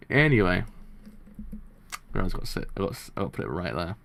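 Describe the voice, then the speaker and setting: Brief: man in a casual reaction stream, gravelly, rambling, giggly. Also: deep voice, big pitch swings, fast talker, fairly bright tone, slight background noise. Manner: rambling, self-interrupting, laughs often. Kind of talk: casual live reaction chat.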